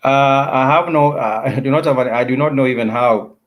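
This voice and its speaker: A man hosting an online language class, chatting casually with viewers in a halting way, restarting his sentences often. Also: mid-range voice. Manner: hesitant, halting speech with many restarts.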